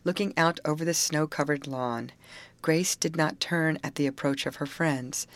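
A woman with a low, grounded voice narrates a storybook, steady and even in her telling. The sound is dry and close, with no room around it. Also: no echo. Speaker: audiobook reader. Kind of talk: scripted narration.

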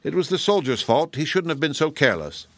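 Man doing a storybook tin man, touchy and complaining, voice pitched up a little. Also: very animated, fairly quick, fairly bright tone, no room sound. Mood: aggrieved. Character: tin man, gentle but touchy and quarrelsome.

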